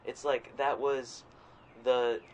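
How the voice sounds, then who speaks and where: A man co-hosting a podcast in casual chat, rambling and swearing freely, sometimes jumping into loud quoted voices. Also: mid-range voice, level tone, slow, a little hiss or hum, low-quality recording. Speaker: podcast co-host.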